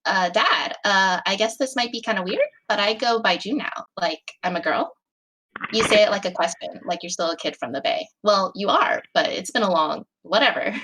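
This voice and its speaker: A woman reads her fan fiction aloud to friends on a call, in a casual, chatty way with fillers and quick laughs. The sound is plain, from a home computer mic. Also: mid-range voice, pushed and bright, a little hiss or hum, low-quality recording. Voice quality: chatty, many fillers, laughs between phrases. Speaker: fanfic author reading her story.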